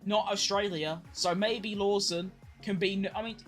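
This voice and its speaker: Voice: mid-range voice, fairly even intonation, measured pace, a bit bright, faint music behind. Rambling streamer reacting live. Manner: rambling, chatty, swears casually. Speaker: streamer hosting a race watchalong. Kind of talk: casual live watch-along commentary.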